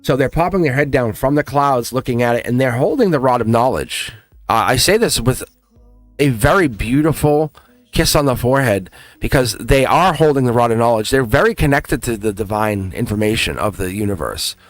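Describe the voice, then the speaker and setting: A man's voice: medium pitch, animated, moderate pace, dry recording. A man with a Boston accent giving a casual, rambling livestream tarot reading, restarting phrases and chuckling. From England.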